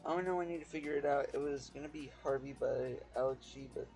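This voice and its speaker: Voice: mid-range voice, fast, warm tone, soft background music. A game streamer chatting casually, cracking jokes, swearing and reading game dialogue aloud. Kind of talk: casual let's-play commentary.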